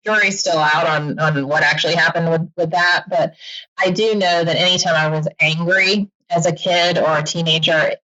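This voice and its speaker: A woman talking as a podcast guest in a casual, animated way, laughing often and acting out quick quoted asides. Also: fairly low pitch, muffled recording. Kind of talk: casual interview chat.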